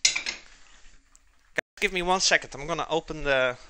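A man's voice: a little high, takes it slowly, pushed and bright, clean tone, dry recording. A man cooking on a live stream, chatting casually and joking with his chat as he reads it aloud. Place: home kitchen.

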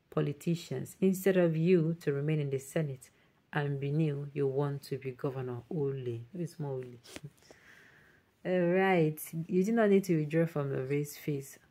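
Low-voiced Nigerian woman hosting news. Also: dark tone. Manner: mixes Pidgin asides into emphatic commentary. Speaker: online news host. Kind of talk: reading out and reacting to viewer comments.

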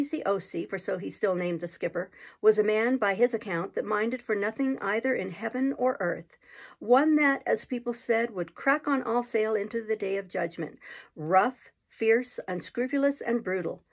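A woman reading a classic adventure novel aloud in a steady, measured storytelling manner. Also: medium pitch, gravelly. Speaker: reader.

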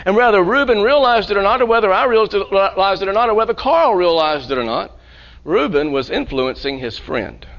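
Male pastor, high voice, lively sermon with stumbling repeats, dull lo-fi church recording. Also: brisk. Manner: animated, repeats words, chuckles often.

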